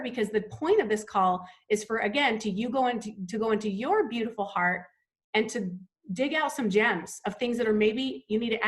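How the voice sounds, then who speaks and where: A woman's voice: fairly high pitch, fairly bright tone. A woman hosting a sales team call, talking in an enthusiastic, gushing, motivational way.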